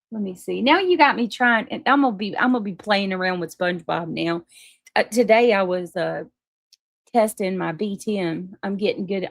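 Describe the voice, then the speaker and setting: A woman hosting a casual livestream, chatting with viewers and reading their comments, warm toward them and quick to apologize. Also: mid-range voice, vocal fry, no room sound, studio quality. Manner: chatty, apologetic, laughs easily, restarts often. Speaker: livestream host.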